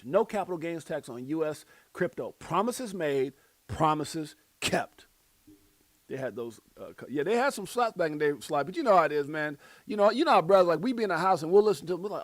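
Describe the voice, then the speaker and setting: Middle-aged guy hosting a crypto stream, kinda high voice, dry close sound, jokey and hyped. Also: no room sound. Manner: hyped, jokey, gives viewer shout-outs. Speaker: crypto livestream host. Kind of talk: casual livestream chat.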